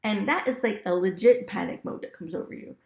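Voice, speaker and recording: A woman talks straight to the listener in a casual storytelling style, her voice carrying a gravelly fry. She laughs easily and acts out little quoted asides. The recording has a noticeably roomy echo. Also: mid-range voice, brisk. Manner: chatty, laughs often, lively quoted asides. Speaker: real estate investor sharing stories.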